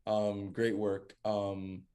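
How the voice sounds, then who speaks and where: A man co-hosting a casual sports podcast, talking in a relaxed way and repeating words as he thinks. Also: on the low side, extremely slow, clear, resonant tone. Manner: laid-back, repeats words while thinking, says "man" and "guys". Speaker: podcast co-host.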